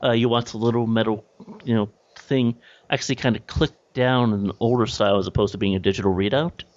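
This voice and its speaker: A man's voice: fairly low pitch, steady tone, fast talker, a little mellow, dry recording. Casual male game master. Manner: casual, filler-heavy scene description. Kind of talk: narrating a tabletop game. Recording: dull lo-fi dry recording.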